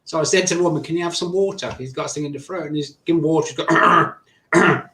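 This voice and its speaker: A man's voice: a little high, quick pace. A man with an English accent, a podcast guest, telling his stories animatedly and acting out other people's quotes. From England. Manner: animated storyteller who acts out quotes. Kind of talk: conversational storytelling. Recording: roomy echo.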